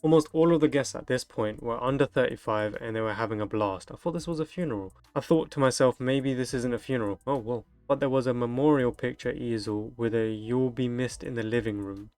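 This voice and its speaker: A man's voice: mid-range voice, brisk, hardly any pauses, darkish tone, smooth, dry recording. A young man reads delivery-driver stories aloud from the internet and breaks in with crude, joking reactions. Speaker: streamer reading online stories. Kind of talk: reading aloud with comedic commentary.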